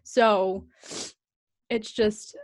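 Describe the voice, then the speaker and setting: A woman in her twenties from the American Northeast talks casually on a podcast. Her voice sits in an ordinary middle pitch, and she grows emotional and tearful as she reflects, laughing through it. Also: fairly even intonation, drawn-out words. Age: 20s. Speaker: podcast co-host.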